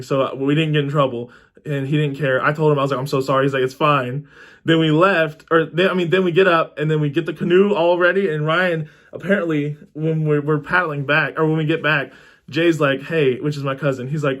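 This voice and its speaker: Swearing young man telling a story. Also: a little high. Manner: animated, swears freely, acts out quotes. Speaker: storytelling vlogger. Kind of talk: casual storytelling.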